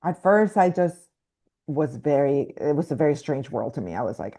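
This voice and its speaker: A woman's voice: sits low, expressive, normal speed, dark tone. A young woman from Mexico with a light Mexican accent, a guest actress talking reflectively in an interview, with frequent fillers and restarts. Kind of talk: casual interview talk.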